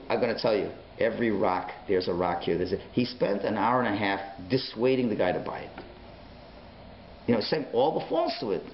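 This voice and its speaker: A man, a rabbi, giving a Torah class as a lively storyteller who acts out the dialogue in his stories. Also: gravelly, slight background noise. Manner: storytelling, acts out dialogue with big pitch swings. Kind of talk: animated Torah lecture. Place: synagogue learning centre classroom. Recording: roomy, slightly dull lecture recording.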